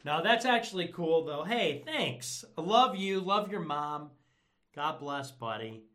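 A man's voice: a little high, animated, unhurried, a bit bright. A man hosting a livestream, talking in a rambling, crude, sarcastic way with lots of filler words. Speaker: livestream host. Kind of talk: casual livestream commentary.

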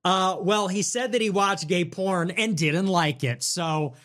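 Guy streaming from home, high bright voice, jokey and sarcastic, riffing on chat. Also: unhurried. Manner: animated, sarcastic, provocative, jokey. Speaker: livestream host reading donations. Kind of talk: casual livestream commentary.

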